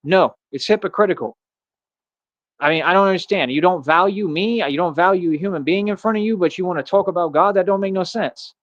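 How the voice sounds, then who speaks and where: A man's voice: high-pitched, fairly quick, fairly bright tone. A man ranting in a rambling, repetitive monologue on his livestream, peppering his talk with "bro" and "man". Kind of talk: casual monologue rant. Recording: dull lo-fi stream audio.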